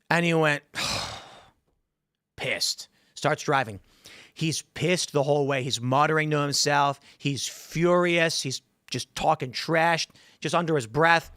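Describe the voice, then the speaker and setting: A male show host with a fairly high, slightly bright voice chats casually in a studio. He rambles through stories, acting out the voices of the people in them, and the recording is dry.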